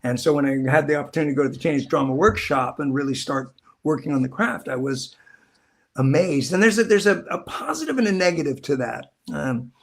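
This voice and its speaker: A middle-aged actor telling stories in a casual interview, rambling and acting out quoted lines in different voices. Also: male voice, fairly high pitch, brisk, vocal fry. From Southern California. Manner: rambling, animated, acts out quotes. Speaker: actor guest.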